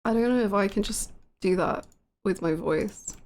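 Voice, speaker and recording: A woman's voice: medium pitch, normal speed, a little mellow. A woman streaming a game live, chatting casually and giggling at herself between read-out lines. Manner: giggly, self-deprecating.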